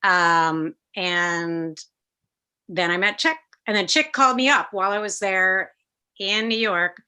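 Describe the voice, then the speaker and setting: A middle-aged woman talks as a guest on a video call, with a bright, forceful tone. She tells her stories with energy, mimics the people in them and drops the odd curse in casual chat. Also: mid-range voice, unhurried, clear, resonant tone. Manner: animated, acts out quoted voices, swears casually. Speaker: guest musician. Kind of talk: casual interview storytelling.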